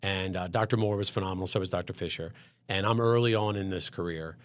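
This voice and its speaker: A man in a studio, a dental education director guest on a podcast, telling lively stories and acting out the people he quotes. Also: deep voice, fast talker. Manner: animated storyteller, acts out quoted voices. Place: company TV studio.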